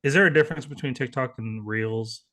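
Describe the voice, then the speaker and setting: A man's voice: medium pitch, fairly quick, sharp tone. A man co-hosting a podcast, telling anecdotes casually with lots of hesitations. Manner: hesitant, filler-heavy storytelling. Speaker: podcast co-host.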